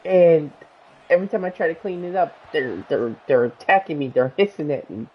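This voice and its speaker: A gaming streamer chatting casually while playing, rambling and animated as they jump from one topic to the next. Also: mid-range voice, normal speed, husky, highs cut off.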